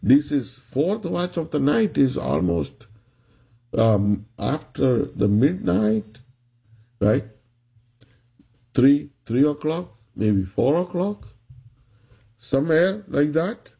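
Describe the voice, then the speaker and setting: A man preaching a sermon, retelling a story in a slow, halting way with many restarts. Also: fairly high pitch, sing-song, vocal fry, dark tone, breathy edge.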